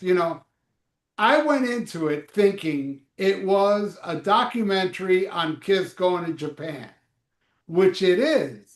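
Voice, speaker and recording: A man in his fifties hosting a live show, talking in a loose, joking, rambling way with lots of fillers. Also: high voice. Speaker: host. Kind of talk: casual live show chat. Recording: echoey room.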